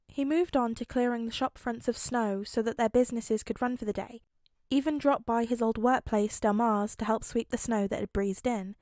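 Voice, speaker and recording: A woman narrates a fan fiction audiobook in a clear, steady storytelling voice. Her pitch sits a little high, and the recording is dry and close. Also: moderate pace, no room sound. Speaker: podfic reader.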